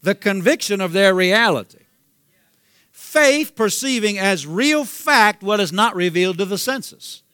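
A man with a Southern US accent preaches with fervor, circling back over his points and calling out hallelujah. His voice sits high and bright. The sound is close and dry, with no room echo. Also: expressive, measured pace, clean tone. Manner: fervent, repeats himself, calls out hallelujah. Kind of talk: sermon.

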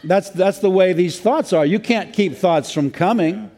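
Pastor guy preaching, folksy and rambling, warm mellow voice. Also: high-pitched, measured pace. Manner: folksy, preaching with fillers and restarts. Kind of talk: sermon.

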